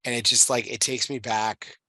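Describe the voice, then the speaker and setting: Male podcast host, 30s, bright forceful tone, dry close sound; emotional and profane. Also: mid-range voice, flat delivery, dry recording. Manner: emotional, swearing, halting restarts. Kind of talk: casual chat.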